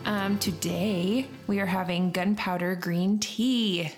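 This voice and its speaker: A woman's voice: on the low side, steady tone, slow pace, over music. A woman co-hosting a casual chat show, chatty and teasing, often laughing. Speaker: podcast co-host.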